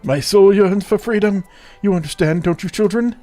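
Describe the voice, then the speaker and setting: A pompous, grandiose rogue planet with a raised, ringing voice, put on by a man reading a game aloud. He speaks in lofty, formal phrases, full of his own drama. Soft music hums behind him. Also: sits high, normal speed, voice pushed up, close to an everyday voice. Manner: pompous, theatrical, formal speech.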